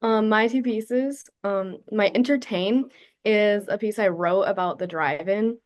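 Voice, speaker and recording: Chatty teen girl, mid-pitched, fillers. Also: measured pace. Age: teens. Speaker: speech team student.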